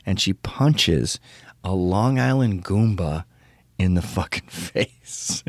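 A man's voice: deep voice, lively intonation, slow, dry recording. A middle-aged man hosting his own show, telling crude stories in a ranting casual monologue. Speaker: show host.

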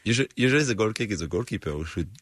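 A man with a French accent, a former soccer player and team ambassador, answering questions haltingly with many fillers. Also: lowish voice, lively intonation, dry recording, clean studio sound. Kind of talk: casual radio interview.

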